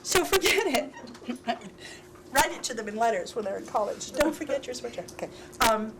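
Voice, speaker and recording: A woman leading a parenting workshop, talking to parents in a lively, laughing way and often acting out little dialogues. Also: on the high side. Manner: animated, laughing, acts out dialogues. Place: school workshop room. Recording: heavy hiss with clicks, 2000s local TV.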